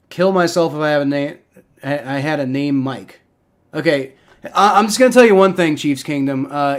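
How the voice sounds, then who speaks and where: A young man hosting a live football reaction stream, talking in a heated, profane rant and often repeating himself and restarting. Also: a little high. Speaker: livestream host reacting to football.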